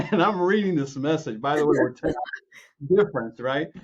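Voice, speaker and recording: A man from Chicago, a composer and guest, telling anecdotes with lively acted-out quotes, many restarts and laughs. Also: a little high, measured pace, husky, highs cut off. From Chicago, USA. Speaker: music producer and film composer, guest. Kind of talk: animated anecdotal storytelling.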